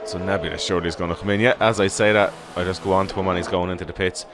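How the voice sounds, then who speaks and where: Deep-voiced Irish man calling a race. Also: rapid-fire, noisy background. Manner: steady play-by-play, informal banter. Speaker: race commentator. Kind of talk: live sim racing commentary. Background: background music.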